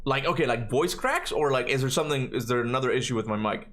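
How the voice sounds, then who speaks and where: A streamer in his thirties, not a native English speaker, chats casually on a livestream in a mid-range, fairly bright voice at a quick pace. He rambles, tags his points with "right?", and his voice cracks now and then.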